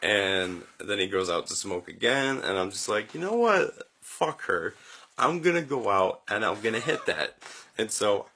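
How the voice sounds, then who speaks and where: A young man hosting a podcast, telling a story in a casual, animated way, acting out quotes with jumps in his voice and laughing often. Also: fairly low pitch, normal speed. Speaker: podcast host.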